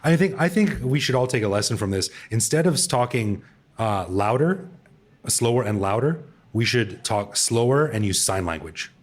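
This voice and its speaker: A man's voice: medium pitch, lively intonation, moderate pace, husky. A man co-hosting a casual podcast, chuckling often and repeating words as he thinks. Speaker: podcast co-host. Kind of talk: casual chat.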